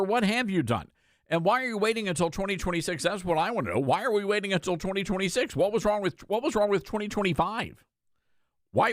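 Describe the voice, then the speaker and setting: Animated, sarcastic male talk host. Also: high-pitched, no echo, clean studio sound. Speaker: radio talk show host. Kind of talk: political talk commentary.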